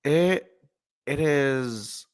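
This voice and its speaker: A man's voice: mid-range voice, very slow, clean tone. A man co-hosting a podcast in casual chat, laughing often and filling gaps with ums. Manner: chatty, laughs often, many fillers. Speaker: podcast co-host.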